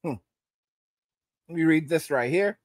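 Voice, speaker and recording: A man's voice: fairly high pitch, a little slow, no echo, studio quality. A man hosting a commentary livestream, ranting emphatically, repeating his points, and often checking in with "all right?". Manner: slips into mocking put-on voices. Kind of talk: ranting commentary, reading viewer chat.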